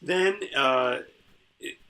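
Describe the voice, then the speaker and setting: A man's voice: medium pitch, very slow, bright, forceful tone. A man co-hosting a casual comedy podcast, giggly and playful, rambling through bits. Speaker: podcast co-host.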